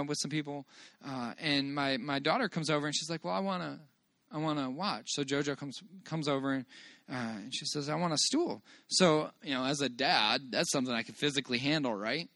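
In a church meeting room, a father gives a personal testimony to the congregation, earnest and halting as he restarts phrases and praises God. His voice is a little high and a bit bright, with no echo.

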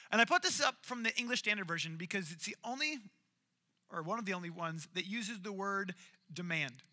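A man's voice: sits high, bright, forceful tone. A man preaching a casual sermon, telling stories and acting out the quoted lines. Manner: storytelling, acts out quoted lines.

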